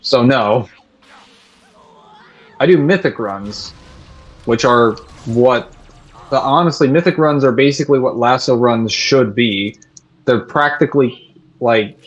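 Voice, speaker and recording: A man's voice: mid-range voice, lo-fi sound. A man streaming a game, chatting casually and reading out viewer messages, swearing freely. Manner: chatty, profane, reads chat aloud while playing. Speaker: gaming streamer. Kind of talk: casual live-stream commentary.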